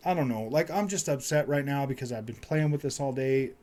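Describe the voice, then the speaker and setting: A man's voice: medium pitch, fairly quick, mellow. Exasperated man ranting to his viewers. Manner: exasperated, repeats himself, says man and dude a lot. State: frustrated. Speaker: gaming and tech YouTuber. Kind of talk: frustrated casual rant to viewers.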